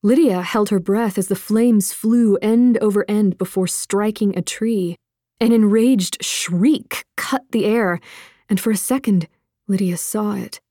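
A woman narrating an audiobook in a measured, expressive manner. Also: medium pitch, no echo, studio quality.

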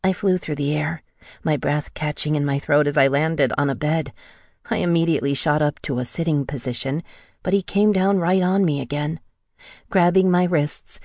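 A woman's voice: sits low, a little mellow, dry recording, studio quality. A woman reading a first-person thriller audiobook in a tense, urgent narrating manner.

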